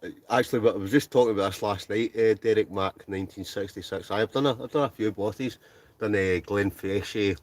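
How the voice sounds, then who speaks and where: A Scottish man hosts a casual livestream from his tent, chatting, laughing and reading out viewer comments. His pitch is fairly low and his delivery fairly quick.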